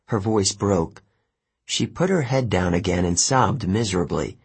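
A man's voice: fairly low pitch, unhurried, vocal fry, husky. A man reading a first-person novel aloud as an audiobook narrator, voicing each character. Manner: animated storytelling, voices each character.

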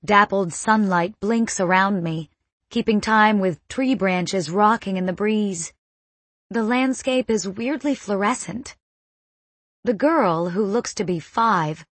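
Slow, measured woman narrating a story. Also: medium pitch, no room sound. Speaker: audiobook narrator. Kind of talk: scripted first-person narration.

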